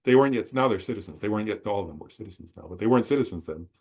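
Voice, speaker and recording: A man's voice: lowish voice, lively intonation, racing, darkish tone, breathy edge. A man giving a Buddhist dharma talk, telling a personal story in a loose, rambling way and often checking whether listeners follow. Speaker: Buddhist teacher.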